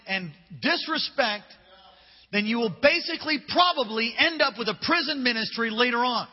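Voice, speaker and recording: A male pastor with a very high, animated voice preaches a sermon at a moderate pace, telling stories emphatically yet casually and acting out the dialogue. The hall recording is dull and lo-fi, with long reverb.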